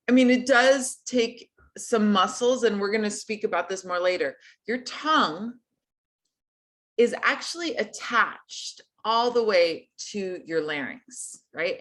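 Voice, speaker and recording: A woman's voice: medium pitch, fairly bright tone. A woman teaching an online group singing lesson, friendly and encouraging in a casual way.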